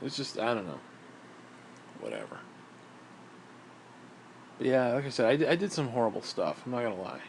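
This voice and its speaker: A man's voice: mid-range voice, sing-song, normal speed, creaky, pauses often, a little hiss or hum. A middle-aged man in a casual monologue, ranting in a bitter, profane, rambling way. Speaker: vlogger.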